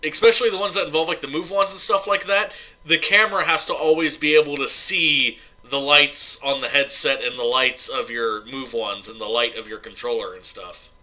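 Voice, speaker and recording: A man's voice: medium pitch, steady tone, normal speed, few pauses, pushed and bright, low-quality recording. A male host chatting casually on a podcast, talking loosely with lots of fillers and laughing often. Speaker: show host.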